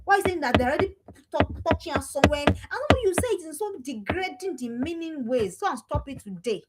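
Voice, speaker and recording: A woman's voice: high voice, big pitch swings, brisk, over loud music, rough recording. A middle-aged woman, coaching parents in an emphatic, repetitive, scolding way. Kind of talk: motivational talk to parents. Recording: loud background noise.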